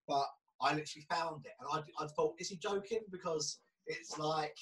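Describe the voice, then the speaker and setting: A man's voice: a little high, brisk, distant mic, crowd noise, poor audio. A podcast host asking questions in a casual, hesitant way and often repeating his words. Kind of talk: casual interview.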